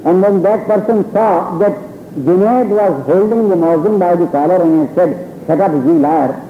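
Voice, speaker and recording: A man giving a public religious lecture to an audience, telling a story in a deliberate, paused way. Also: high voice, slight background noise. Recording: tinny, echoey lo-fi hall recording.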